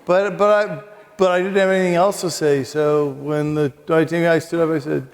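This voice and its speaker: A man's voice: on the high side, fairly even intonation, normal speed, gravelly, in a large hall. A man, a Catholic monk and priest, telling humorous, self-mocking stories at a retreat before a live audience. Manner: chatty, self-mocking, with asides and comic timing. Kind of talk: humorous storytelling retreat talk.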